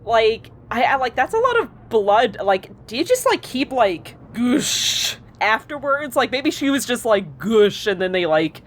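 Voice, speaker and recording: Lively, high-voiced woman player. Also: measured pace, few pauses. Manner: giggly, playful, exclaiming. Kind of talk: casual tabletop role-play banter.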